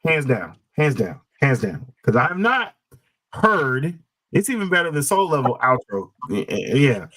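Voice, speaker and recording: A man's voice: mid-range voice, very animated, measured pace, a bit bright, poor audio. A man hosting a casual chat show, emphatic and opinionated, repeating his points for stress. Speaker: show host.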